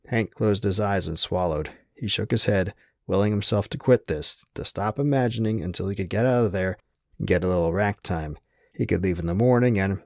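A man narrating an audiobook in a steady, wry storytelling manner. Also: deep voice, normal speed, no room sound, clean studio sound.

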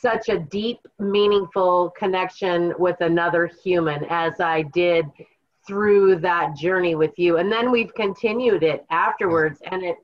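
A woman's voice: lowish voice, measured pace, dull audio. A woman from Washington State's Kittitas Valley, a podcast guest and author, telling her story in an earnest, reflective way. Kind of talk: conversational podcast interview.

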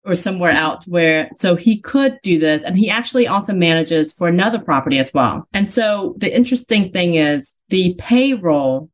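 A woman guest on a podcast, chatty and quick to laugh, telling stories from her investing work. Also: fairly low pitch, expressive. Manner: chatty, laughs often, storytelling. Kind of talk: casual interview chat.

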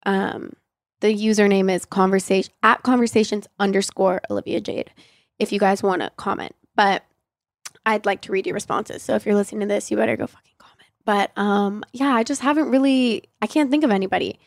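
A woman's voice: medium pitch, steady tone, a little fast, dry recording. A young woman answers listener questions in a loose, rambling way, her voice stuffy and nasal from a cold. She talks frankly and drops casual swears. The sound is dry and close, with no room around it. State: sick, nasal. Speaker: podcast host. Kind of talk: casual Q&A chat.

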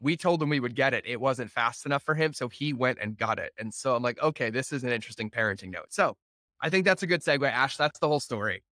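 A man hosting a podcast, telling a family story in a casual, animated way and acting out the voices of his wife and son. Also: medium pitch, fast talker, no echo. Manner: animated, acts out family dialogue with laughs. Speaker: podcast host.

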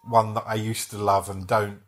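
A man's voice: on the low side, flat delivery, normal speed, a bit bright, faint music behind. A man, an actor and comedian, chatting casually as a podcast guest in a meandering, self-interrupting way.

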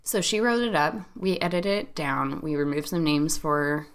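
A woman in her thirties, a podcast host, telling a long story in a chatty, animated way, full of "like" fillers. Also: low voice, moderate pace. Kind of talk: casual storytelling chat.

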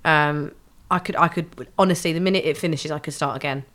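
A woman's voice: low voice, fairly quick, fairly bright tone. A woman co-hosting a podcast, chatting casually with wry humour and frequent laughter. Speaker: podcast co-host. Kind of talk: casual chat.

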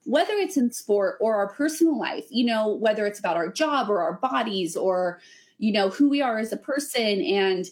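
A woman's voice: medium pitch, lively intonation, moderate pace, darkish tone. A young adult woman, a weightlifting coach, talking earnestly and rambling with lots of fillers in a casual podcast chat. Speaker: weightlifting coach running women's camps.

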